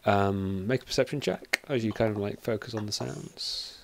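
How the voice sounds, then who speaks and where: A man with a lowish voice and vocal fry acts as game master for a streamed tabletop game. He narrates in a relaxed, joking manner, with frequent pauses.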